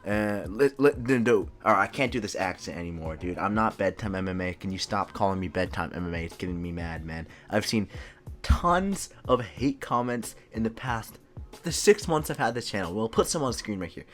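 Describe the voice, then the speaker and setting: A man's voice: low-pitched, animated, fairly quick, a bit bright, faint music behind. A man hosting his own channel, giving casual commentary in a loose way, often saying "dude" and stumbling over repeated words. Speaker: MMA YouTube host. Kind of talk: casual commentary ranking fighters.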